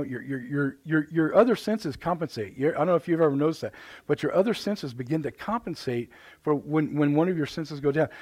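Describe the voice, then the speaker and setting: A middle-aged man with a Midwestern American accent preaching a live sermon in church, animated and joking, often repeating his words. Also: mid-range voice, no room sound. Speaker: pastor. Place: church sanctuary.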